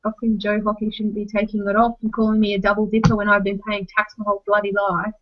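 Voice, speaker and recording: A young Australian woman chatting casually on a podcast, talking quickly from one story to the next, with an exasperated edge and casual swearing. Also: mid-range voice, completely flat delivery. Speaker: podcast co-host. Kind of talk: casual chat. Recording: slightly muffled lo-fi audio.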